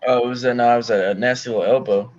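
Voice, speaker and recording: A man's voice: medium pitch, steady tone, racing, darkish tone. A man chiming in with brief, casual remarks during a fight-watching chat. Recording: dull lo-fi mic with faint background noise.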